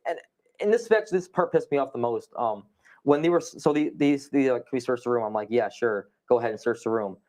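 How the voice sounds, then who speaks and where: A young man, a podcast guest, telling a story in animated, fast casual conversation and swearing often. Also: medium pitch.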